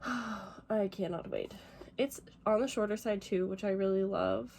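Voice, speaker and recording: A young American woman vlogs about books in a casual, rambling chat, teary and gushing with emotion. Her voice sits at an ordinary middle pitch, and a faint hiss runs underneath the recording. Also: a little mellow. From United States. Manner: fast, rambling with many fillers. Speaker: book vlogger.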